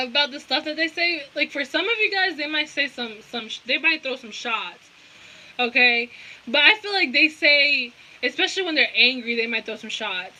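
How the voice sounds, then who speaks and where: A woman's voice: sits high, expressive, normal speed, bright, forceful tone, low-quality recording. A young woman giving a casual tarot reading, rambling in slangy, profane talk and often breaking into giggles. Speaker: tarot reader.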